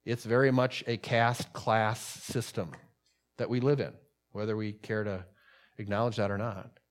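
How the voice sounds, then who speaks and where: A man's voice: fairly low pitch, steady tone, measured pace. Man preaching in a conversational way. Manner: conversational, repeats and restarts, rises in emphasis. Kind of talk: sermon.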